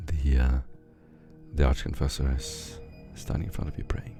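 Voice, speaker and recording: A man narrating a tabletop game as game master, pausing often with fillers. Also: very deep voice, little pitch movement, creaky, warm tone, soft background music. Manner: hesitant, with frequent fillers.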